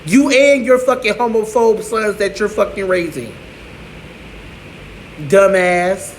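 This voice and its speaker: A man's voice: high-pitched, slow pace, a little hiss or hum. A man ranting to camera in a profane, sassy, scolding way, in an echoey room. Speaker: vlogger.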